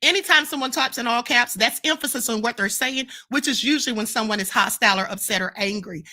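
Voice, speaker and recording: A woman's voice: a little high, quick pace, sharp tone. A woman hosting a live-stream commentary show, answering viewer comments in an emphatic, lecturing way and often ending points with "okay?" and "ma'am".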